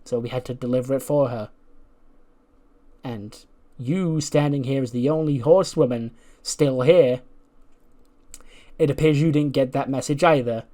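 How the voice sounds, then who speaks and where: A man's voice: medium pitch, normal speed, pauses often, mellow, lightly acted. A man voicing a smug young female wrestling villain with a taunting manner.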